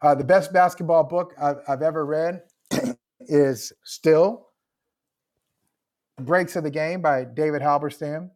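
This author guest on a podcast interview, heard remotely, has a slightly high, darkish voice and speaks slowly with long pauses. His answers are reflective and emotional, punctuated by frequent laughter.

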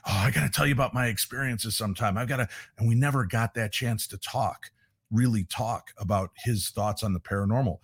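Middle-aged man, low voice, dry close sound, animated storyteller, interview guest. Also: no room sound. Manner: animated storyteller who acts out quoted voices. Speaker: paranormal investigator guest.

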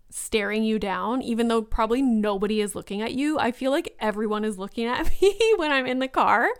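A woman's voice: on the high side, smooth, dry recording, clean studio sound. A woman in her thirties hosting a podcast, telling a personal story in a chatty way, full of "like" and acted-out quotes. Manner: chatty, many "like"s, acts out quoted lines. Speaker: podcast host. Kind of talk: casual storytelling monologue.

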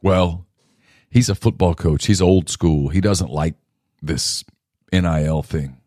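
A man with a lowish voice talks sports on a podcast, pushing his points hard and circling back to the same phrase again and again. His voice leaps up in pitch when he drives a point home. The sound is dry and close, with no room around it. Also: takes it slowly, dry recording. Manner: emphatic, repeats himself, rising to a near shout on key phrases. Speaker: podcast co-host. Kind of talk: casual sports talk.

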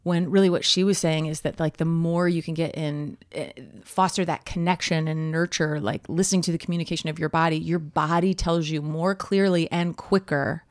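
A woman in her thirties co-hosts a podcast in a casual chat. Her voice sits a little low, and she tells stories in an animated way, full of "like" and "um". The close studio mic sounds dry. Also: moderate pace, hardly any pauses, no room sound. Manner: chatty, animated storytelling with many fillers and laughs. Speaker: podcast co-host.

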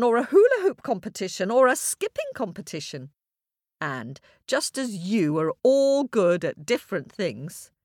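Playful, unhurried woman storyteller. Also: medium pitch, no echo, studio quality. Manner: playful, addresses children directly. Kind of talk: children's story narration.

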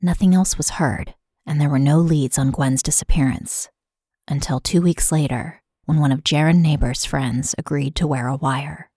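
A woman podcast host reading a scripted true crime narration in a steady, matter-of-fact way. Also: deep voice, moderate pace, husky, no echo, studio quality.

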